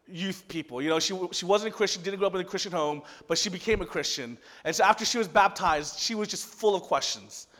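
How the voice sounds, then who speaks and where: High-voiced male pastor preaching in a hall. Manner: storytelling, swings from loud excitement to hushed softness. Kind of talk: sermon.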